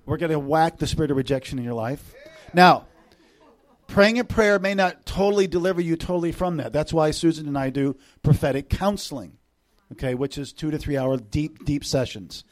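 A man's voice: a little high, moderate pace. Man preaching a sermon, emphatic swells. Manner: animated preaching, reads scripture with emphatic swells; casual asides with fillers like "you know" and "okay".

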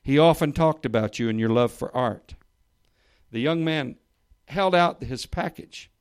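A man preaching to a room of listeners, reading a story aloud and raising his voice for the quoted lines, then dropping low and soft for emphasis. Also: a little slow, clear, resonant tone. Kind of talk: sermon with a read-aloud story. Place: church or meeting room with listeners.

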